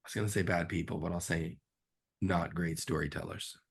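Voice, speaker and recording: A man, a film director as guest, telling stories from his career in a casual, animated interview. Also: low voice, brisk, vocal fry, husky. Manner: animated, acts out quotes in a raised voice.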